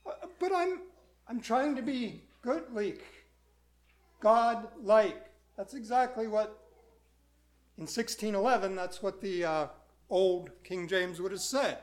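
A man's voice: high voice, animated, unhurried. A male pastor preaching a sermon in a conversational way, putting questions to the congregation.

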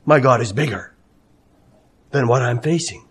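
A man preaching a sermon, reading scripture aloud with swelling emphasis and slow dramatic pauses, then dropping low and quiet to comment. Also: husky.

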